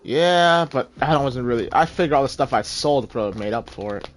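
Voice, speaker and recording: A man's voice: medium pitch, expressive, a little fast, slight background noise. A man streaming a video game, chatting casually with friends and rambling through fillers. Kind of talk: casual gaming chat.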